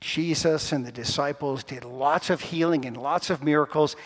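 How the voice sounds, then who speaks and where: A man preaching a sermon in a lively, playful, conversational way to his congregation. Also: on the high side, moderate pace. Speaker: pastor. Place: church sanctuary. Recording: long reverb of a church hall.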